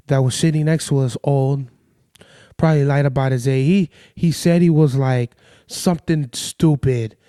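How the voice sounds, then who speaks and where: A man hosting a podcast, ranting in crude, sarcastic storytelling while sick and low on energy. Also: mellow, no echo, studio quality. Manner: heated, crude, sarcastic, mimics people in quotes. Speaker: podcast host. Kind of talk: profane storytelling rant.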